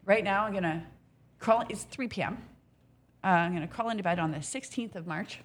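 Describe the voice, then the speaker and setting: A woman in a casual podcast chat, a restaurant business co-owner telling an animated, candid story and swearing now and then. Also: mid-range voice, a little fast, a little hiss or hum.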